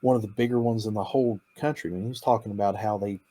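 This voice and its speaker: Enthusiastic low-voiced man, laughs often. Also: steady tone, rapid-fire, dark tone. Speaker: campus missionary. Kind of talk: casual interview talk.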